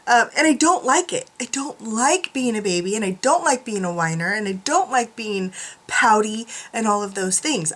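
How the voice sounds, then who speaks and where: A woman's voice: fairly high pitch, a bit bright. A woman vlogging from a room at home, chatting casually to camera in a self-mocking way, laughing often.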